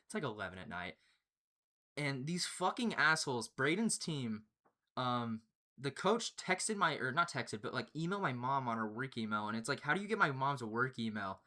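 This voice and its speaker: Lively, bright-voiced young man telling a story. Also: medium pitch, moderate pace. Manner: excitable, profane, laughs between lines. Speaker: storyteller, channel host. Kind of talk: casual storytime chat.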